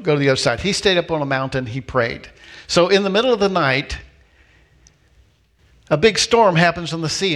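A man preaching a sermon with a slightly higher voice than most men. He tells the story with energy, acting out the voices of its people, and slows down to repeat his key lines for emphasis. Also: fairly bright tone. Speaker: pastor.

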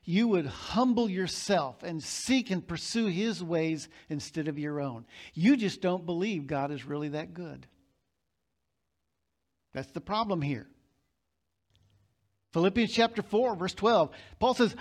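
A male pastor preaching a sermon, emphatic and storytelling, building his points to loud peaks. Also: high-pitched, measured pace, long pauses.

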